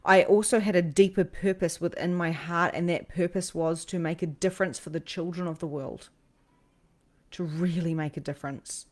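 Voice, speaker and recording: Aussie lady psychic on a livestream, kinda low voice, rambly and emotional, lots of ums. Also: fairly even intonation, normal speed, darkish tone. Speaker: psychic medium and host. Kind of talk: livestream storytelling to viewers.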